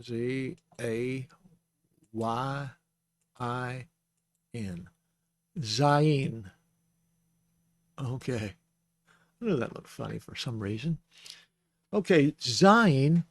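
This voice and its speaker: In an animated mid-range voice, a man talks very slowly and pauses often, recorded close-up with no echo. He's a Bible Hebrew teacher giving a patient, informal alphabet lesson, spelling out the sounds and correcting himself as he goes.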